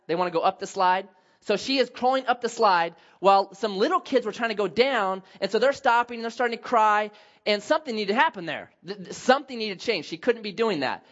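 On a muffled recording, a high-voiced pastor delivers a sermon built around a story. He acts out the characters animatedly, shouting their lines.

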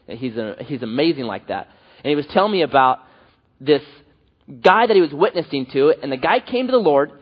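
A man preaching a sermon, animated and acting out the voices he quotes. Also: on the high side, highs cut off. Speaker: pastor.

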